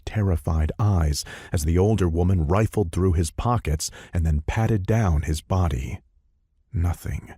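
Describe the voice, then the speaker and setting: A man narrating an audiobook in a measured, even storytelling manner on a close studio mic. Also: rumbling low, husky, dry recording. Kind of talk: scripted narration.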